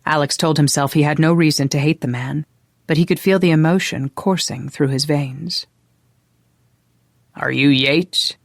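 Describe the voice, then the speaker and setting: An audiobook narrator reading a historical romance in an even, unhurried way. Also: medium pitch, dry recording, studio quality. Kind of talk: scripted narration.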